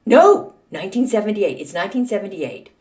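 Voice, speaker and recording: A woman's voice: medium pitch, sing-song, normal speed. A woman in her sixties from Texas, hosting a podcast with a chatty, self-mocking, ranting monologue. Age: 60s. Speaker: podcast host. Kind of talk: casual monologue.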